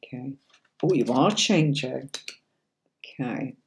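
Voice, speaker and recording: Taking it slowly, a middle-aged woman with a very deep voice hosts a livestream of casual tarot readings. She chats with viewers, reading their comments aloud and answering each by name, and she often calls them darling or sweetie.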